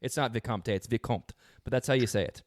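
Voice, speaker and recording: A man's voice: mid-range voice, very fast, no room sound. A man co-hosting a podcast, bantering in a dry, teasing way and correcting the others. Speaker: podcast co-host. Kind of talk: casual movie review chat.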